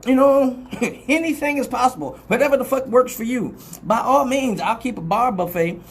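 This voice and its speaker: A woman's voice: fairly high pitch, moderate pace, husky. A woman hosting a live radio talk show, blunt and profane, rambling, laughing often and slipping into mock voices as she talks.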